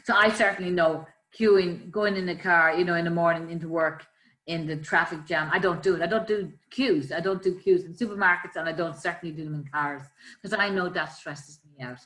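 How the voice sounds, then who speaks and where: A woman, a life coach, calmly explaining ways to manage stress with everyday examples. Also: fairly low pitch, fairly quick. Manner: calm, explanatory, gives examples. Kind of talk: conversational coaching talk. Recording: roomy echo.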